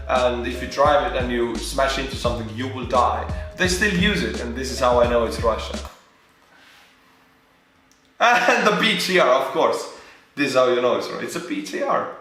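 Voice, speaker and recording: A man's voice: mid-range voice, fairly bright tone. A man with an Estonian accent commenting on a reaction video, joking and mocking, with sudden startled outbursts. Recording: very echoey room, mic at a distance, music behind.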